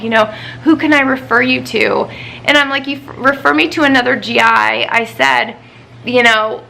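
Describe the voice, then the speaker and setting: Frustrated woman venting, bright gravelly voice. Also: a little high, a little hiss or hum, poor audio. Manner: frustrated, venting about a doctor visit. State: upset, recently crying. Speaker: vlogger. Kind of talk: casual chat.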